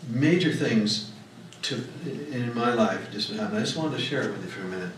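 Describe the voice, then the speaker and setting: A man's voice: medium pitch, a little fast, distant mic, noisy background. A man preaching a sermon as pastor, telling personal stories in a folksy, emphatic way. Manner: folksy storytelling, emphatic rises on key words. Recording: echoey room mic'd from afar.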